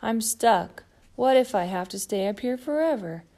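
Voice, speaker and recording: Childlike giant bird done by a woman, eager and wondering, storybook read-aloud, mellow tone. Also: a little high, expressive, moderate pace. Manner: eager, wondering, sometimes plaintive. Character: cheerful gentle giant yellow bird, childlike.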